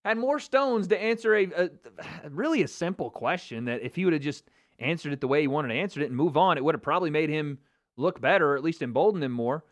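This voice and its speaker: A man mocks and jokes his way through a live MMA talk stream, swearing freely and laughing often. His voice is a little high and swoops up and down a lot. The sound is dry and close to the mic. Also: expressive, quick pace, no room sound. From United States. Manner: mocking, profane, laughs often. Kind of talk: casual livestream commentary.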